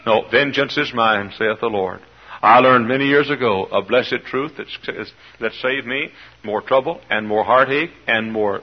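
A man preaching as a pastor, telling a Bible story in an animated way and acting out the people in it. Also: medium pitch. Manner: animated storytelling, voices quoted characters. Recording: dull lo-fi old sermon recording.

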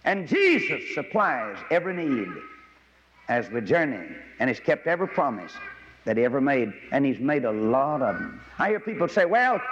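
Male preacher, folksy storyteller with excitable high bursts; lo-fi recording in a reverberant hall. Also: noisy background. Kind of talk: sermon. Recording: dull lo-fi audio with long hall reverb.

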